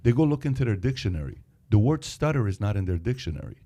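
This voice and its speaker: A man from Iran hosting a podcast, telling an animated story and acting out its dialogue. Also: on the low side, fast talker. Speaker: podcast host. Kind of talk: podcast discussion.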